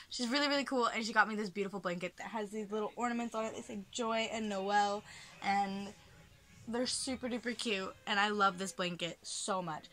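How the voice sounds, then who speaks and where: Bright-voiced young woman vlogging. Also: medium pitch, fairly quick. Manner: chatty, filler-heavy, drops to soft near-whisper when touched. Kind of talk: casual haul vlog. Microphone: camera mic, handheld.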